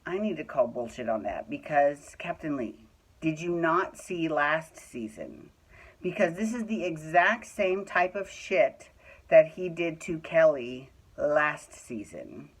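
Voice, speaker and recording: A woman's voice: sits low, lively intonation, slow pace, husky, low-quality recording. A woman recapping a reality show in a chatty, opinionated way, swearing freely. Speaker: recap vlogger.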